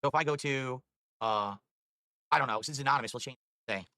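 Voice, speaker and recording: A male streamer rattles on at a very fast clip, exasperated and swearing as he goes. His voice is bright and a touch high, and it sounds dry and close with no room around it. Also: no room sound. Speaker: livestreamer. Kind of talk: live stream chatter.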